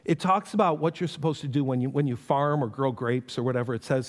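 A man preaches a sermon to his congregation, keeping an animated delivery and acting out quick quoted voices. His voice sits high and swings widely in pitch. It rings with the long reverb of a large hall. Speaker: pastor.

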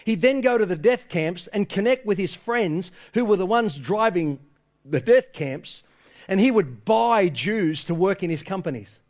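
A man's voice: high-pitched, lively intonation, a little slow. A male pastor delivering an impassioned sermon, retelling a story and urging his listeners on. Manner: impassioned storytelling, quoting people in his tale.

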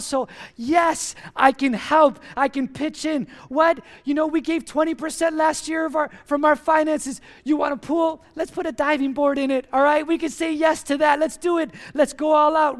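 A man preaching with a strikingly high voice and lots of energy. He punches key words and leads the congregation in call-and-response, counting them in. It sounds like a pastor rallying his church family. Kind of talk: sermon.

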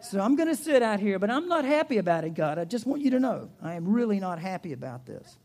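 A grumbling, exasperated prophet, put on by a man preaching with a Southern US drawl. He whines and complains sarcastically in a mellow, warm voice. His sulky tone sits close to his everyday speaking voice. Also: high-pitched, sing-song, quick pace, heavily acted. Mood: sulking.

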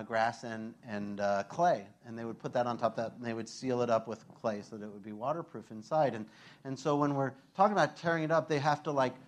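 A male pastor delivers a sermon in a loose, chatty manner, stumbling through "like" and "uh" as he goes. His voice sits a little high for a man, and he gets animated when he acts out scenes, with frequent laughter. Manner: casual, conversational, many fillers like "like" and "uh".

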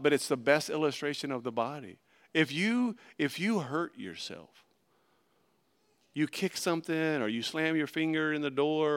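A man preaching a sermon, folksy and animated, swinging between loud emphasis and hushed asides. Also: on the high side, clear, resonant tone. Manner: animated, folksy, acts out little voices. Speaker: pastor.

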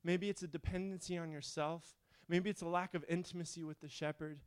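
A man's voice: fairly high pitch, steady tone, a little fast, few pauses, clean tone. Fervent preacher man, rising intensity. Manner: builds from quiet questions to loud fervent appeals. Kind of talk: sermon.

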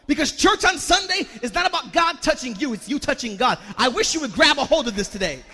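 High-voiced preacher in an echoing hall. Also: male voice, big pitch swings, a little fast, faint music behind. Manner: call-and-response preaching, repeats words, rising to shouts. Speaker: pastor. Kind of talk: sermon. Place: church sanctuary.

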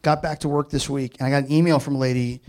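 A man's voice: medium pitch, steady tone, fast talker, darkish tone. A man preaching a sermon as a pastor, in a casual, conversational way with many fillers before he leads a prayer.

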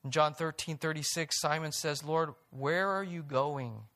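A man with a fairly high voice delivers a sermon in an earnest preaching manner. He reads scripture passages aloud. His voice climbs in pitch and volume when he stresses a point. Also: unhurried, bright, forceful tone. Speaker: pastor.

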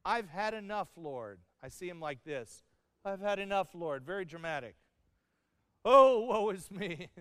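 A middle-aged man delivers a sermon in a high, smooth, resonant voice, mixing humor into his stories and playing out each quoted line. His voice sits close and dry on the mic while a long reverb hangs in the hall behind it. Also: fairly bright tone. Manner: storytelling with humor and acted-out quotes. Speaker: pastor.

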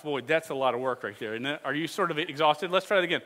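A man's voice: on the high side, fast talker, hardly any pauses. A man preaching a playful sermon, joking with the congregation and leading them through memory verses with hand motions. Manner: jokey, energetic, leads the crowd in call-and-response. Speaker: pastor. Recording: long hall reverb.

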